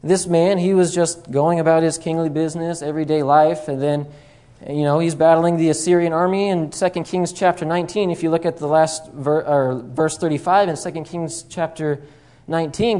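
A man's voice: a little high, steady tone, a little fast, warm tone. A man preaching a sermon, opening with a folksy joke told in a storytelling manner full of fillers and asides.

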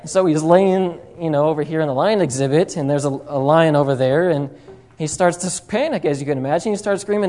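A man's voice: high-pitched, fast, a little mellow. A man preaching a sermon, opening with a folksy joke told in a storytelling manner full of fillers and asides.

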